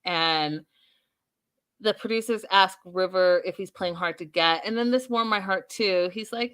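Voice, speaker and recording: Bright-voiced woman chatting with her viewers. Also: medium pitch, moderate pace, clear, resonant tone. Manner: chatty, talks straight to her live chat viewers. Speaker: host. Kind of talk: casual live recap chat.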